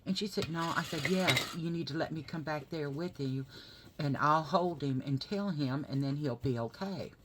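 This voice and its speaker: A woman with a notably low voice chats into a close camera while doing her makeup. She tells her story in a loose, chatty way and gets loud and fired up as she retells it. A faint hiss sits under the recording. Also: normal speed. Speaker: vlogger.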